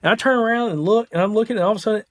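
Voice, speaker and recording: A man, a podcast host, telling a story in casual chat and acting out the quotes with animated energy. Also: sits high, very fast. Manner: animated, excitable storyteller who acts out quotes.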